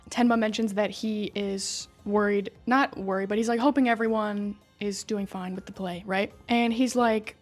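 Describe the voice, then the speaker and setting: A video creator with a fairly high voice recaps a game story in a chatty, profane way, swearing freely and stuffing her talk with "like" and "right?". She speaks at a moderate pace with few pauses and fairly even intonation, over soft background music.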